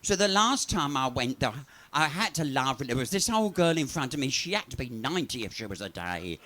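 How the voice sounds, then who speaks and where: Bawdy comedian, lively and bright. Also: male voice, mid-range voice, brisk. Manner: bawdy, chatty, swears freely. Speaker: comedian and cabaret entertainer. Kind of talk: live stand-up storytelling. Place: pub venue, live audience.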